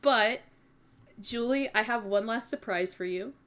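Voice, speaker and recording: A woman's voice: on the high side, a little slow, a bit bright. A young woman streamer reading a fan story aloud and chatting, giggly and emotional. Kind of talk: casual chat and reading fan fiction aloud.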